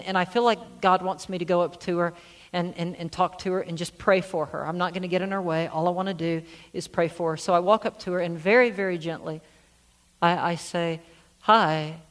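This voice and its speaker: A man, a senior pastor preaching a sermon and telling a story, who repeats words as he restarts. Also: sits high.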